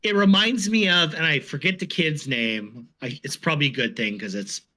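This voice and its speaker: A man's voice: a little high, normal speed, bright, forceful tone. A man co-hosting a sports podcast, telling rambling stories with wry asides. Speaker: podcast co-host. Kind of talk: casual sports podcast chat.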